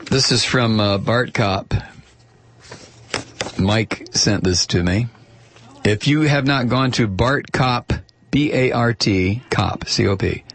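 A man's voice: lowish voice, creaky, a bit bright, slightly rough. A man hosting a talk radio show, chatty and opinionated, reading listener mail aloud into a studio microphone.

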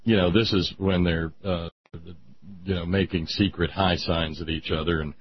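A man's voice: low voice, steady tone, normal speed, breathy edge, dry recording, muffled recording. A man hosting a talk show, delivering a sarcastic, opinionated monologue. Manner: sarcastic, ranting, mocking voices.

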